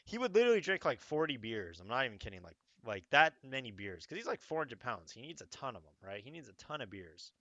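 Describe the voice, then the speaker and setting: Young man, casual storytelling, animated and profane, bright forceful voice, dry dull mic. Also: medium pitch, quick pace, few pauses, dry recording. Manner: animated, profane, rambling with frequent "okay?" asides. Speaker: streamer telling a story.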